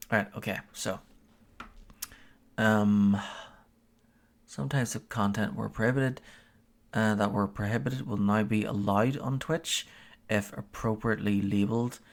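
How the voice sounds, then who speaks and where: A man's voice: fairly low pitch, vocal fry. A man streaming a game, chatting casually and reading a policy aloud, hesitant with many fillers and frequent chuckles.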